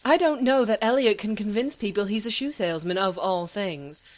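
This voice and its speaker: A woman's voice: medium pitch, animated, moderate pace, close to an everyday voice. A woman reading a haughty grande dame, stiffly upright and aloof. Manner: haughty, with a put-on British air.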